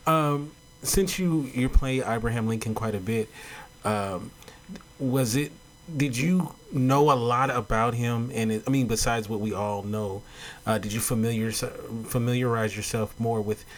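A man's voice: mid-range voice, unhurried. A man interviewing a guest, asking long rambling questions with fillers.

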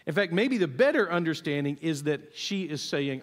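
Pastor preaching in a reverberant hall. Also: male voice, on the high side, normal speed. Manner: storytelling, animated, acts out quotes. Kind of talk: sermon. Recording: long reverb of a church hall.

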